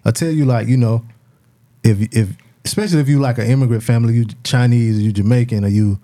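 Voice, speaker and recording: A man's voice: medium pitch, fast talker, a little hiss or hum. A man co-hosting a podcast, chatting casually. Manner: relaxed, storytelling, lots of "you know what I'm saying". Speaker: podcast co-host. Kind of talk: casual chat.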